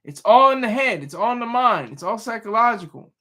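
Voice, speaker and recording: A man's voice: extremely high pitch, lively intonation, a little fast, sharp tone. A man hosting a livestream, casually chatting and reading viewer comments with playful teasing and frequent restarts. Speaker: livestream host.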